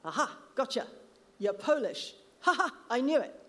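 A woman's voice: high voice, sing-song, normal speed, a bit bright, voice pushed up. Woman doing a blustering, taunting old gardener. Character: grumbling, goading retired male gardener. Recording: live reading in a reverberant hall.

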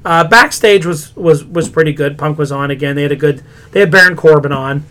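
A man's voice: fairly high pitch, brisk, bright, forceful tone. A man co-hosting a casual wrestling podcast, rambling and retelling stories with lots of "he's like". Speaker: podcast co-host.

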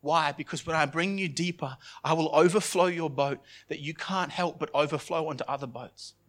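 A man preaches in a church with an earnest, pleading delivery. His voice sits a little higher than most men's. He repeats phrases and often lets them fall soft and low. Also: normal speed. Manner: earnest, repetitive preaching with restarts and sudden soft drops. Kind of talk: sermon.

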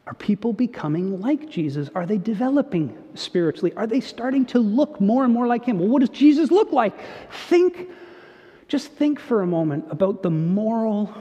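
A man preaching a sermon as pastor, earnest, moving between emphatic and hushed delivery. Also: high voice, animated, moderate pace. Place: church sanctuary. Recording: dull sound with long church reverb.

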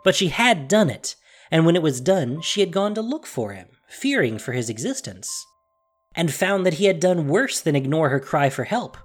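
Lively dramatic audiobook narrator. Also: mid-range voice, moderate pace, soft background music. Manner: expressive, dramatic storytelling.

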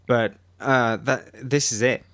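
A man's voice: medium pitch, steady tone, slow, fairly bright tone, clean tone, no room sound. Chatty man explaining audio tools. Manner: chatty, enthusiastic, explains with examples. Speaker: podcast co-host. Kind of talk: casual tech chat.

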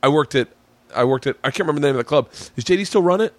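A man's voice: on the high side, racing, dry recording. A man hosting a podcast, telling a long story with lots of swearing and acted-out quotes. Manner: animated, profane storyteller acting out quotes. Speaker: podcast host. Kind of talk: casual storytelling chat.

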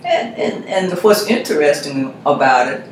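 A man, a reverend, talking through faith and health in a measured, reflective way. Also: a little high, animated. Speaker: reverend, guest. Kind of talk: conversational discussion. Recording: very echoey room, faint noise.

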